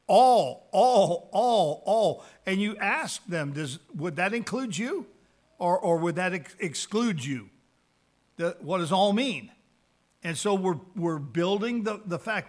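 A man with a high-pitched voice leads a Bible lesson on evangelism. He reads scripture aloud in a slow, deliberate way and then explains it in plain everyday words, repeating key words for emphasis. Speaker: Bible teacher.

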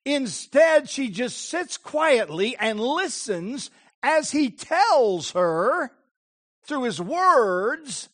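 A male preacher giving an impassioned sermon, with emphatic phrasing and dramatic pauses. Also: extremely high pitch, sing-song, a bit bright.

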